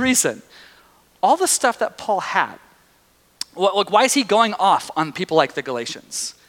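A man preaching a sermon, shifting from quiet asides to loud, animated outbursts. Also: high-pitched, in a large hall. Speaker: pastor.

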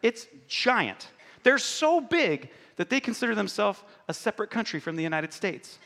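A man's voice: high-pitched, normal speed, gravelly, a little hiss or hum. A man preaching a sermon to his congregation, joking and talking straight to the room. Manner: joking, animated, talks to the congregation. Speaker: pastor. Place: church hall. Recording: live in a reverberant hall.

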